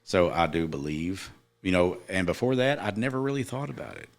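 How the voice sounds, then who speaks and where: A man's voice: deep voice, sing-song, brisk. A middle-aged man, a podcast guest, earnestly telling a personal story in casual chat, with emphatic moments.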